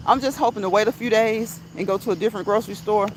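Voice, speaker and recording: A woman's voice: mid-range voice, fast, slight background noise, poor audio. A woman, chatting casually on a livestream, reading viewer comments, laughing often and repeating phrases for emphasis. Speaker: host. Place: outdoors while walking.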